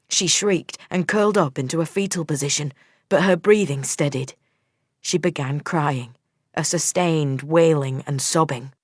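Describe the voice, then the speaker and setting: A woman narrating a first-person audiobook in a measured, steady storytelling manner. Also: on the low side, dry recording, clean studio sound.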